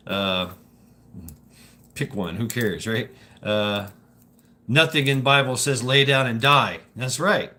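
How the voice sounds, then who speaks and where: A man's voice: mid-range voice, sharp tone. A man talking casually to his viewers in a rambling monologue, stammering and repeating words, swearing freely and laughing as he goes.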